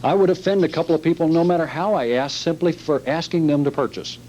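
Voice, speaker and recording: A man's voice: fairly high pitch, fast talker, dark tone, highs cut off, a little hiss or hum. A man teaching a sales training seminar, emphatic and repetitive, acting out sales scenes as he goes.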